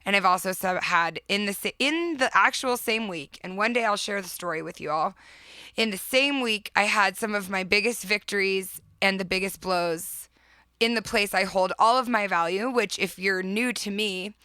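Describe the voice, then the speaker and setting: A woman's voice: mid-range voice, moderate pace, sharp tone, clear, resonant tone, no room sound. A woman in her thirties hosting a motivational podcast, talking earnestly and with emphasis, often laughing. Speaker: podcast host.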